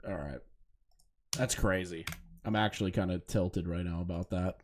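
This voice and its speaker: A man's voice: low-pitched, steady tone, moderate pace, slight background noise. Profane, heated male commentator. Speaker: commentary streamer. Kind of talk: casual live commentary reacting to clips.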